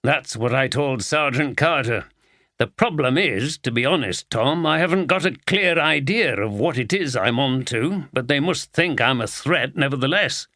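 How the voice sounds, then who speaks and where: A weary detective inspector who talks plainly and makes light of his own mistakes, as a man reads him. The voice stays close to the reader's own medium pitch, and the recording is dry and close. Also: animated, normal speed, sharp tone, no room sound. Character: weary, self-mocking male detective inspector.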